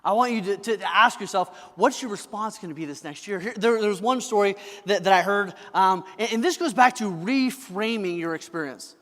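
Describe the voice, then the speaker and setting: A high-voiced man delivers a motivational keynote in a big hall, his speech ringing with long reverb. He is bright and forceful, punching each point and pressing the audience to answer him back. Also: fairly quick, few pauses. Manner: emphatic, asks the crowd for answers. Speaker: motivational speaker. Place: large event hall.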